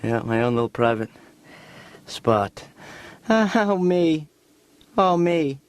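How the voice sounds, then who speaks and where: A man's voice: on the high side, sing-song, slow pace, dry recording. A man voicing an aimless young adult son who rambles and stammers while asking for a favor. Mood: wheedling.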